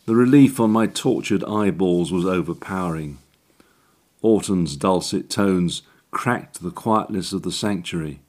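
A man's voice: sits low, a little slow, a little mellow. A man reading a comic story aloud in a dry, wry narrating manner.

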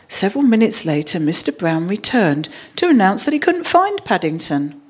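A woman reading a children's storybook aloud in a measured, expressive way. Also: mid-range voice, husky.

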